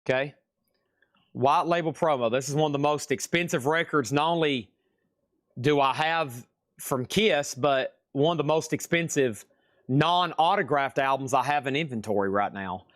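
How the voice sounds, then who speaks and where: A man's voice: a little high, moderate pace, a bit bright, no room sound, studio quality. A man with a Southern US accent hosting a live record sale, in chatty, rambling patter that often corrects itself. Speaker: live-stream record seller. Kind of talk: casual live sales patter.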